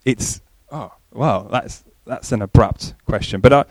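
A man preaching a sermon, in a conversational way, often repeating words and pausing. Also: mid-range voice, darkish tone, no echo, low-quality recording.

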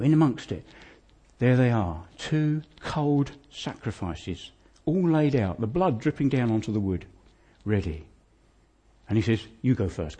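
A man's voice: lowish voice, mellow, breathy edge. A man preaching a sermon, retelling a scripture story in a vivid, conversational way, often asking his listeners questions. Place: church hall.

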